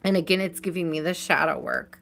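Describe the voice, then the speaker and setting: A woman's voice: on the low side, creaky, a bit bright, slight background noise. A woman doing a live tarot reading, chatty and affectionate, tired and yawning, stretching out key words. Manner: chatty and affectionate, drawn-out stresses, frequent laughs. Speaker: tarot reader.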